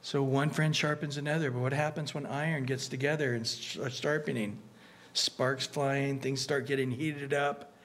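A man preaching a conversational sermon as pastor, earnest and animated, often restarting his sentences. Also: medium pitch. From United States.

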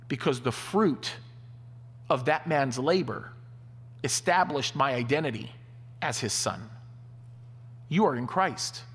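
A man preaching a sermon, telling stories in an animated way. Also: medium pitch, breathy edge. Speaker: pastor. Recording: long hall reverb.

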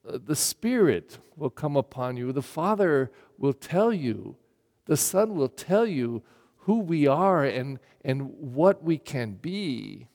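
A man's voice: mid-range voice, a little mellow. A middle-aged male pastor giving a blunt, emphatic sermon full of rhetorical questions during Mass. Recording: long church reverb.

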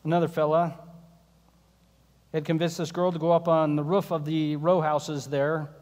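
High-voiced pastor in a reverberant hall. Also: male voice, level tone, moderate pace, a little mellow. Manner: storytelling with wry jokes. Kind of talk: sermon.

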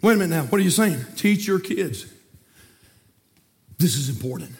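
A man preaching a fiery sermon, folksy and repetitive, swinging from quiet talk to shouting. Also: fairly high pitch, expressive, moderate pace. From North Carolina, USA. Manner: folksy, repeats words. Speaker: pastor.

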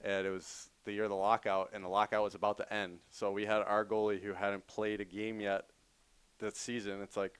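A man's voice: fairly low pitch, little pitch movement, a little fast, fairly bright tone, smooth. A man, a hockey player, telling stories in a casual interview and laughing as he talks. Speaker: professional hockey player guest.

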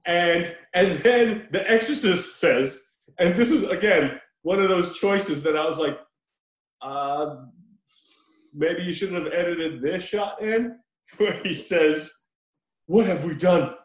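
A man on a casual film podcast, retelling a movie with animated storytelling and frequent laughs. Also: high voice, slow pace. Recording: echoey room.

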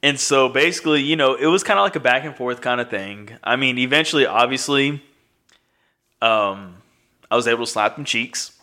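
A man in his thirties tells a long, meandering story over casual chat, with plenty of swearing. He acts out the lines people said to him as he goes. His voice is bright and forceful. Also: mid-range voice, moderate pace. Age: 30s. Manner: profane, rambling, acts out quoted dialogue.

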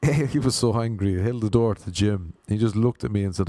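Gravelly deadpan Irishman. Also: lowish voice, brisk, dry recording. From Ireland. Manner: deadpan, sardonic. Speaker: vlogger. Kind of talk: casual storytelling monologue.

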